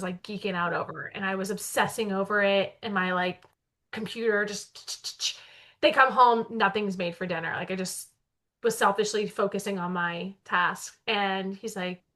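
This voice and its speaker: Talkative woman podcast cohost, bright forceful voice, loud and chatty. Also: mid-range voice. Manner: chatty, self-described loud talker. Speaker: podcast co-host. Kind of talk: casual chat.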